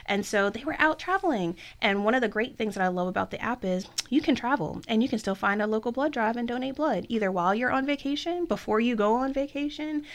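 A woman's voice: fairly high pitch, expressive, fast, few pauses. A woman talking about her blood services work in a chatty, enthusiastic way, with lots of fillers. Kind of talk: casual interview talk.

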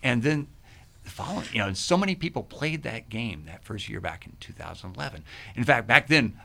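A middle-aged man, a podcast guest, telling animated stories and acting out quoted voices. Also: on the low side, creaky. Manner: lively, acts out quoted voices. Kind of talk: animated storytelling.

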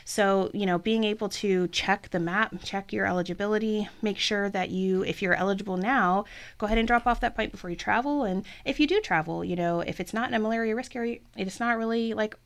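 A woman's voice: medium pitch, a little fast. A woman talking about her blood services work in a chatty, enthusiastic way, with lots of fillers. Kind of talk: casual interview talk.

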